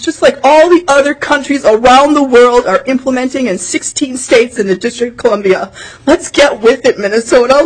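A high-voiced woman speaks at a committee hearing, tearful and pleading. Her voice keeps breaking, yet she presses her points with earnest repetition. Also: poor audio. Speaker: testifier at a legislative committee hearing. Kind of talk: emotional public testimony. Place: legislative hearing room.

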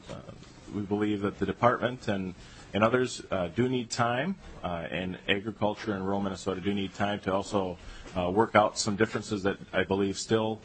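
A man's voice: on the low side, a little hiss or hum. A man presenting a bill to a committee, hesitant with many fillers. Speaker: legislator.

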